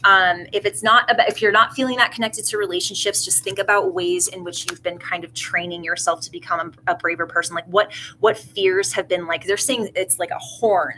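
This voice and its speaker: A woman's voice: lowish voice, fairly even intonation, a little fast, pushed and bright, slight background noise, rough recording. A woman doing a tarot reading in a casual, rambling way, earnest and emotional. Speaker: tarot reader.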